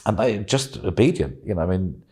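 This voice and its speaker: A British man chatting casually, telling an animated anecdote and acting out voices. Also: low-pitched, brisk. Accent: British English. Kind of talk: casual storytelling chat.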